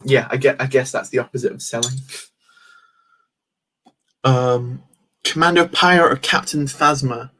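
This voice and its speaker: A man's voice: medium pitch, a little slow, long pauses, bright, forceful tone. A young man chatting casually on a live stream as he builds, reading out chat messages with many fillers and restarts. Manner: rambling, reads chat aloud, many fillers.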